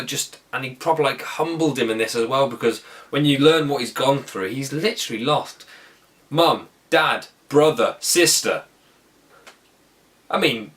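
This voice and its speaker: Man, casual film review, enthusiastic, rambling, self-correcting, mid pitch, slightly distant mic. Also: a bit bright. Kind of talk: casual spoken movie review.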